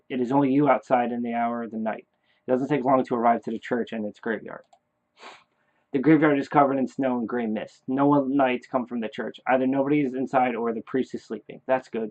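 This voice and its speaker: Man, mid pitch, reads a horror game aloud, halting, phone-like tinny audio. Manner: halting, corrects his own slips. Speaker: player reading a text horror game. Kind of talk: reading aloud with asides.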